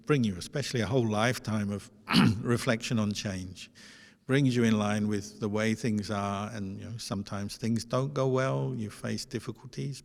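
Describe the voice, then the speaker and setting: A man, a Buddhist monk, giving a dharma talk in a gentle, conversational storytelling manner. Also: on the low side, gravelly. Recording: long hall reverb.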